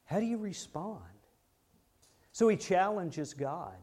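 A man's voice: sits high, animated, takes it slowly, darkish tone. A man preaching a sermon in a conversational way, firing rhetorical questions at the congregation.

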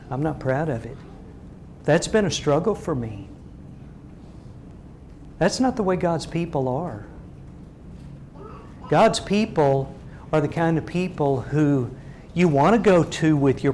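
Middle-aged male preacher, earnest and questioning, voice sits a little high, faint rumble behind. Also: animated, slow pace, pauses often, a little mellow. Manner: earnest, asks the congregation many direct questions. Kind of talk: sermon.

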